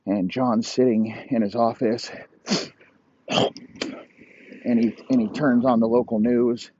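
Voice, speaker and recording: A man's voice: mid-range voice, fairly even intonation, slow, dark tone, slight background noise. A man telling an improvised comic story in a rambling, profane way. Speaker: comedy storyteller. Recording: dull lo-fi recording.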